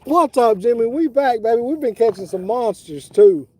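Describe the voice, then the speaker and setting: A middle-aged man talks in a relaxed, easygoing way, greeting viewers by name as he streams live from a fishing boat. His voice sits fairly high for a man yet sounds warm and mellow. The sound is open, the way it is outdoors on the water. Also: moderate pace, dry recording. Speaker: fishing livestreamer. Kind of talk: casual live-stream chat.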